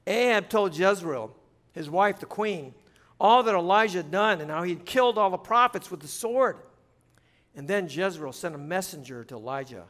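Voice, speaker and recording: A male pastor preaching a sermon, telling a story with animated asides to the congregation. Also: high-pitched.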